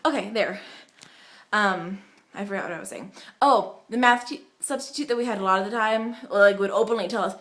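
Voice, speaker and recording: A woman's voice: mid-range voice, a little fast, a bit bright. A young woman from the United States telling rambling stories to her webcam at home, chatty and full of fillers. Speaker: vlogger. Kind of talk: casual vlog storytelling.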